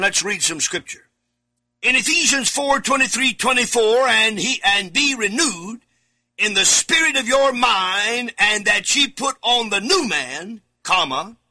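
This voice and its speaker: A man preaching a studio sermon with a bright, piercing edge. He talks slowly and leans hard on key words, with lively swings in pitch. He jumps from shouted emphasis to quiet asides. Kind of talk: studio sermon reading scripture. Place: studio, alone.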